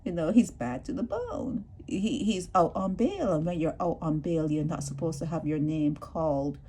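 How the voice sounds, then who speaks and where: A man's voice: fairly high pitch, big pitch swings, normal speed, warm tone, slight background noise. A woman voicing a stern male prosecutor, scolding a young defendant. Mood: scornful. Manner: dismissive scolding.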